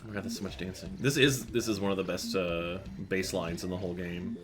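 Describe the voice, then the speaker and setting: A man's voice: low voice, steady tone, brisk. A man streaming a game, chatting casually, reading chat aloud and muttering to himself. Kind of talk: casual gameplay commentary. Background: game music.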